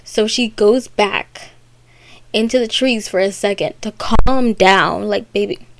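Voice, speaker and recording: A woman casually retelling a classic story in a chatty, rambling way, popping into quick character voices. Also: medium pitch, creaky, a little hiss or hum.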